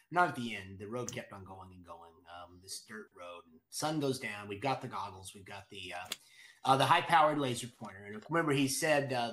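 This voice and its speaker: Excitable man telling a story. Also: medium pitch. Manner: excited, many restarts and repeated words. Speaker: guest storyteller. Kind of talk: animated storytelling.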